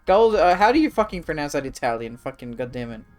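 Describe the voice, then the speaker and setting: Low-voiced, foul-mouthed woman streamer. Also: a little fast, soft background music. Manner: profane, rambling, gets loudly excited. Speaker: livestreamer. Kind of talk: casual live-stream commentary.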